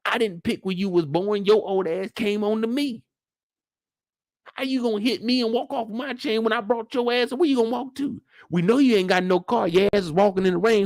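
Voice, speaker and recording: A man voicing an exasperated young man who scolds his girlfriend with fast, repeated questions. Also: sits high, creaky, a little mellow, dry recording, clean studio sound. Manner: rapid, scolding, repetitive questions.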